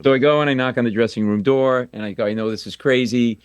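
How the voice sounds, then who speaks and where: On a radio show, a male comedian guest tells an animated story, quick to poke fun at himself and voicing every character. His voice is medium-pitched and smooth, recorded dry and close to the mic with no room sound.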